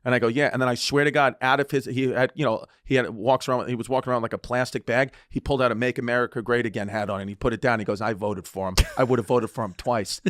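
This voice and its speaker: A man's voice: mid-range voice, very fast, hardly any pauses, no room sound, studio quality. A man, telling a long comic story on a podcast, laughing often and acting out the people he quotes. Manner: animated, laughing often, acts out quoted voices.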